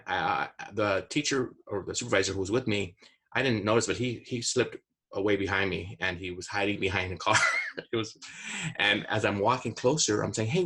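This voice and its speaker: A man's voice: lowish voice, bright, forceful tone, slightly rough. A man in his forties, a podcast co-host, telling a story in a casual chat and acting out his own past panic in a raised voice.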